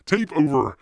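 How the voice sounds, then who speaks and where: A man's voice: a little high, creaky, a little mellow, no echo, studio quality. A man hosting a live stream, chatting casually in a rambling way, with frequent restarts and laughter. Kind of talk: casual review chat.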